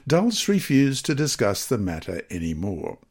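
A man reading scripture passages, study questions and a mission story aloud in a measured, expressive manner. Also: lowish voice, breathy edge. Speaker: devotional reader.

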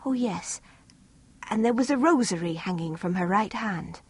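A woman voicing a shy, tearful young village girl who speaks in a soft, hushed, wondering way. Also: medium pitch, animated, normal speed, breathy edge.

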